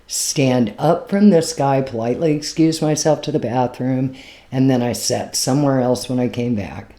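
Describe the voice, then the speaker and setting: A woman's voice: very deep voice, moderate pace, dark tone. A woman comedian telling a story casually, frank and self-mocking, with laughs slipping in. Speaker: stand-up comedian.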